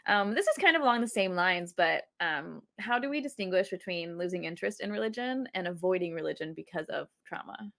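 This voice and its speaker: A woman's voice: lowish voice, lively intonation, brisk, creaky, few pauses, a bit bright. A woman co-host asking questions in a conversational interview, reflective and full of fillers.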